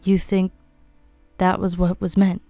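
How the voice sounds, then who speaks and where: A woman's voice: on the low side, monotone, unhurried, warm tone, soft background music. A woman reading a frightened young woman who speaks shakily, near a whisper.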